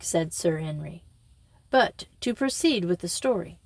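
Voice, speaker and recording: A woman reading a mystery novel aloud in a measured, expressive narration. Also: lowish voice, gravelly, no room sound. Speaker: audiobook reader. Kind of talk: scripted narration.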